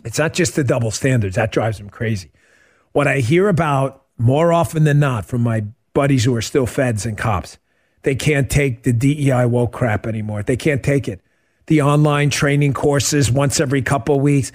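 A middle-aged man hosting a radio talk show, chatting casually and answering listener questions as an animated, joking storyteller. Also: on the high side, moderate pace. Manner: animated, joking storyteller who acts out quotes.

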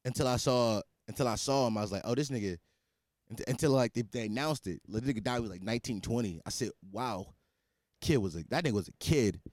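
A man's voice: mid-range voice, fast, a little mellow, dry recording, clean studio sound. A man in his twenties hosting a solo podcast, rambling with restarts and repetition, crude, slangy and blunt. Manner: rambling, restarts and repeats himself, crude joking; swears freely, slangy and blunt. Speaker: podcast host. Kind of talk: casual solo podcast monologue.

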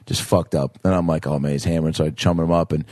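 A man's voice: extremely low pitch, steady tone, fast talker, a little mellow, no echo, clean studio sound. A man in his thirties casually telling a rambling, profane story on a podcast and slipping into drunk-guy voices. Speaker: podcast co-host.

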